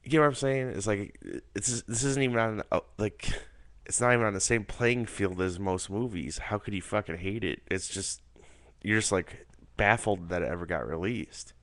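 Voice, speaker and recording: A man giving a casual, rambling film review monologue, swearing often and filling pauses with "like" and "um". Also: fairly low pitch, a bit bright, no room sound. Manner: rambling, profane, filler-heavy.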